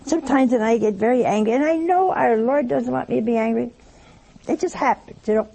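A woman giving a sermon, mixing slow emphatic phrasing with humorous anecdotes. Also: a little high, gravelly, mellow, a little hiss or hum. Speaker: religious speaker. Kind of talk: sermon with storytelling.

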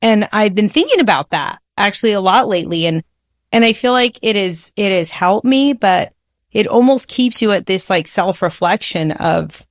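A woman co-hosting a faith podcast with her husband, speaking in a heartfelt, emphatic way that rushes ahead at times. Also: medium pitch, expressive, no room sound, studio quality. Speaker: podcast co-host, wife. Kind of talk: faith-based podcast conversation.

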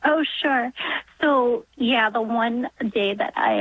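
Tearful high-voiced woman on a phone line. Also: no room sound. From New York. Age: 40s. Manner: tearful, halting, breaks into small laughs. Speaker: caller. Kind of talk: emotional call-in sharing.

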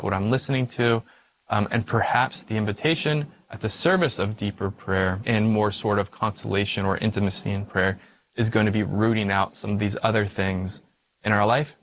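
Man, priest, low voice, dry close sound, chatty spiritual teaching, lots of "like" and "right?". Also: fairly bright tone, no echo. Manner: conversational, frequent "like" and "right?" fillers.

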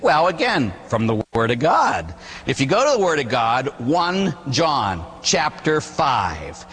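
A man, a Catholic priest, giving an animated, conversational sermon full of rhetorical questions. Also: medium pitch, takes it slowly, slightly rough, in a large hall.

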